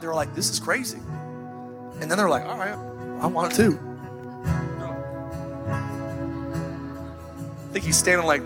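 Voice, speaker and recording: A man in his thirties preaching a sermon as pastor, emphatic and story-driven with sighs and dramatic pauses. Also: on the high side. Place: church sanctuary, live. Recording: faint music behind.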